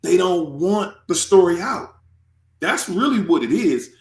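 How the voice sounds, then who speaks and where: A man hosting his channel in casual chat, animated and swearing freely, acting out quoted tirades. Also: high-pitched, measured pace, gravelly, reverberant. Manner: animated, swears, acts out quoted rants loudly. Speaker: channel host.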